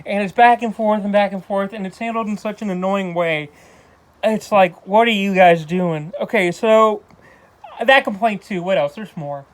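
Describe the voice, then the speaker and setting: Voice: medium pitch, normal speed. A movie reviewer ranting casually, exasperated and rambling with lots of restarts. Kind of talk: casual spoken film review.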